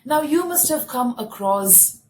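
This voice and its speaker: A woman's voice: high voice, expressive, measured pace, slight background noise, poor audio. A woman with an Indian English accent giving a spoken English lesson to camera, explaining patiently and stressing key words. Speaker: English teacher.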